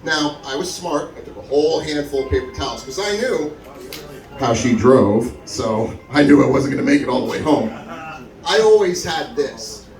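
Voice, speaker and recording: A man's voice: normal speed, music in the background. A man telling a stand-up story at a comedy club open mic, acting out the people he quotes with big jumps in his voice. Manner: animated, acts out quotes with big pitch jumps. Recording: echoey room, mic from far, crowd audible. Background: audience laughing.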